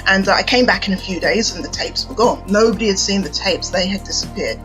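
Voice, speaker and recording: A woman's voice: mid-range voice, fast talker, fairly bright tone, faint music behind, rough recording. A British woman minister from England, telling her story reflectively as an interview guest.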